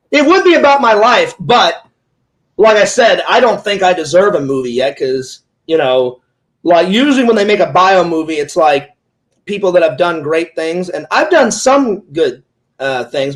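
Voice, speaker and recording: A man's voice: high voice, animated, moderate pace, low-quality recording. A man hosting a casual interview, playful and joking, telling long rambling stories. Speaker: interview host, Twitch streamer. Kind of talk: casual chat.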